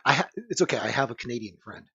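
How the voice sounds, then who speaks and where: A man's voice: medium pitch, animated, racing, pushed and bright, breathy edge, no room sound. A man on a casual podcast, rambling in crude banter with lots of fillers and swearing. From United States. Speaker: podcast co-host. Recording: dull lo-fi dry sound.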